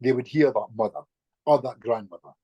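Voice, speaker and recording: A middle-aged man, a guest healer, telling stories in a lively, chatty way with chuckles and restarts. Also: mid-range voice, fairly quick, husky, no room sound, muffled recording. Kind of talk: casual storytelling in conversation.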